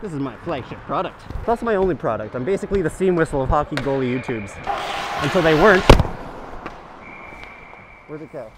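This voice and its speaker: A man's voice: on the high side, expressive, brisk, long pauses, heavy background noise. A man playing hockey goalie with a camera mic running, cracking self-deprecating jokes through the game. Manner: joking, self-deprecating banter. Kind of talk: mic'd-up game commentary. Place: hockey rink during a game. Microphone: helmet-mounted action camera.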